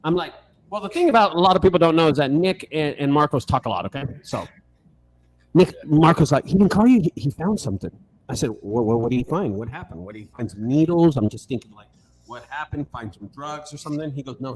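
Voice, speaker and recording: A man's voice: a little high, lively intonation, quick pace. A man hosting a casual chat, joking and telling a story with animation. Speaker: host. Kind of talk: casual video call chat.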